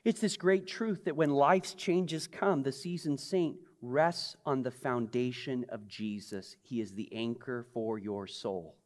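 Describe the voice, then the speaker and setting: A man preaching a sermon with passion, now and then dropping to a hushed intensity. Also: medium pitch, measured pace, few pauses. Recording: long reverb of a large hall.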